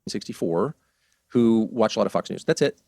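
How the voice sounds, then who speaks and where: A man's voice: fairly low pitch, animated, moderate pace, creaky, mellow, dry recording. An American man speaking as an interview guest, emphatic and heartfelt, pressing his point with conviction. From United States. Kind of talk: political interview.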